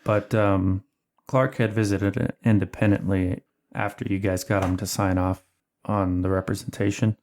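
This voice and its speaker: A man narrating as game master of a tabletop horror game, relaxed and thinking aloud with fillers, over an online call. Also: deep voice, normal speed.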